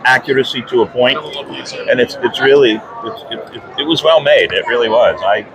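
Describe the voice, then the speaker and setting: A man's voice: mid-range voice, moderate pace. A man hosting a podcast, chatting in a folksy, joking way with a guest outdoors at a fan convention. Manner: folksy, chatty, tells corny pirate jokes. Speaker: podcast host. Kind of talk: casual interview chat. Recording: loud crowd noise at a convention.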